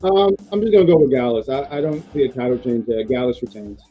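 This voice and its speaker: A man's voice: medium pitch, fast, highs cut off, soft background music. A man hosting a casual wrestling prediction show, rambling and playful with lots of fillers. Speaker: podcast host.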